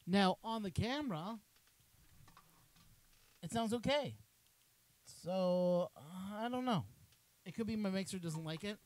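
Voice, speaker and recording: A middle-aged man from Canada chats loosely while trying out a cheap wireless microphone. His voice sits a touch higher than most men's. He rambles and jokes as he fiddles with his gear. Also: lively intonation, a little slow, long pauses, darkish tone, dry recording, rough recording. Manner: rambling, chatty, jokey. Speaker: maker channel host. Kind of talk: casual mic test livestream.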